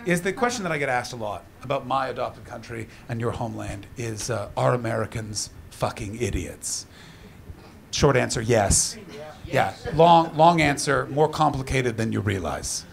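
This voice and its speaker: A man doing a live stand-up routine, loud and profane, shouting his punchlines. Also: a little high, gravelly. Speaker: stand-up comedian. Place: large comedy venue with live audience. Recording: live stage mic with crowd. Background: audience laughter.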